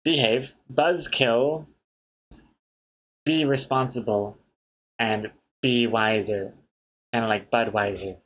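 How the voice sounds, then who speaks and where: A man's voice: mid-range voice, slow, pauses often, fairly bright tone, a little hiss or hum. A man chatting casually on a live stream, reading viewer messages aloud and joking with the chat. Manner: chatty, reads chat aloud, laughs at jokes. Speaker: comic artist streamer.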